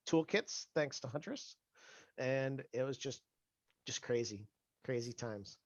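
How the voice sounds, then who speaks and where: A man's voice: mid-range voice, normal speed, no echo, lo-fi sound. A man interviewing a guest over a video call, in a chatty, joking way with frequent restarts. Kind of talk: casual conversational interview.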